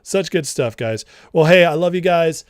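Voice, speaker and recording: A man's voice: on the high side, expressive, normal speed, clear, resonant tone, no room sound, clean studio sound. Fervent man hosting a livestream. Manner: fervent, preachy, reads chat comments. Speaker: political commentary host. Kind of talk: livestream commentary.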